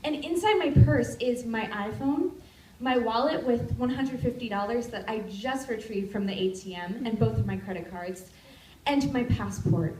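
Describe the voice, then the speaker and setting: A young woman in her twenties telling a personal story at a live storytelling event, animated and now and then shouting out quoted lines. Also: a little high, a little hiss or hum. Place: stage in a live venue. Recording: roomy live recording from far off.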